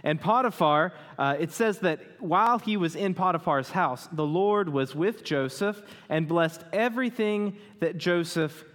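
Pastor preaching in a reverberant hall. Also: male voice, high voice, unhurried, few pauses, a bit bright. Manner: conversational, asks the congregation questions. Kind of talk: sermon.

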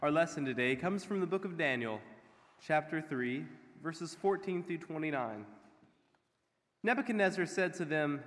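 A man reading a long scripture passage aloud in church, expressive, raising his voice for the king's lines. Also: on the high side, moderate pace, long reverb tail. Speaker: scripture reader. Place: church sanctuary.

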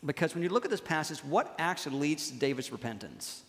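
A pastor preaching to his congregation, his slightly high voice ringing out with a long trail of reverb through the church hall. He talks plainly, checks in with the room, and slows right down to hammer home key lines. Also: big pitch swings. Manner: conversational, punctuates with "okay?", slows down to stress key lines. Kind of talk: sermon.

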